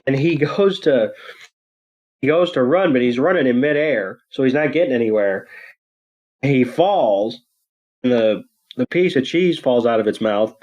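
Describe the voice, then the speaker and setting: A man's voice: mid-range voice, animated, a little slow, long pauses, a little mellow, highs cut off. A man co-hosting a podcast, recapping a cartoon in a loose, rambling way full of ums and crude jokes. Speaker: podcast co-host. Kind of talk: casual episode recap.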